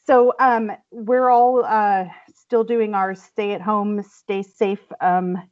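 A woman's voice: medium pitch, steady tone, takes it slowly. A woman hosting a casual podcast chat from home, laughing often and using lots of fillers. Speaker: podcast host. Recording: dull lo-fi audio.

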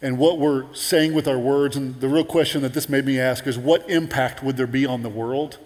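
A man preaching a sermon in an animated, conversational way with playful asides. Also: medium pitch, moderate pace, in a large hall.

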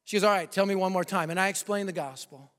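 A man delivers an evangelistic sermon, moving between loud proclamation and hushed, intimate appeals to his listeners. He is high-pitched and talks fast, and the recording carries a long hall reverb.

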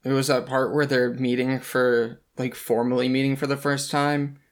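A man co-hosting a casual movie podcast, relaxed and wry as he retells scenes. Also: mid-range voice, normal speed. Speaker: podcast co-host.

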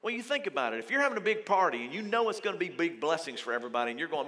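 A male pastor giving a lively, conversational sermon in a church auditorium, acting out quotes as he goes. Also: fairly high pitch, rapid-fire. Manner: lively, conversational preaching with frequent acted quotes. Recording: long hall reverb.

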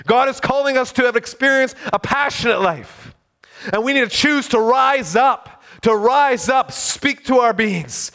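Very high-voiced fervent male preacher. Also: unhurried, pushed and bright. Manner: fervent, exclaiming. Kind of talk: sermon.

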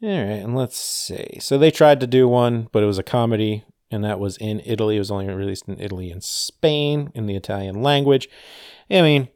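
A man's voice: fairly low pitch, a little fast, darkish tone, clean tone, no room sound, studio quality. A man hosting a podcast alone, chatting casually with wry, rambling, sarcastic asides. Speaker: podcast host. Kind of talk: casual solo podcast chat.

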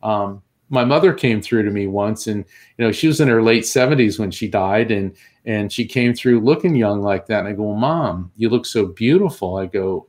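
A man's voice: lowish voice, lively intonation, moderate pace, hardly any pauses, a little mellow. A man who is a guest on an interview show and tells a long story vividly, acting out the voices of the people he quotes. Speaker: guest, medium.

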